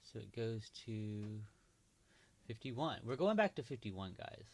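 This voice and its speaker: A man's voice: lowish voice, sing-song, takes it slowly, slight background noise. A man hosting a casual livestream, thinking aloud with hesitant, trailing remarks as he marks up a chart. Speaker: livestream host.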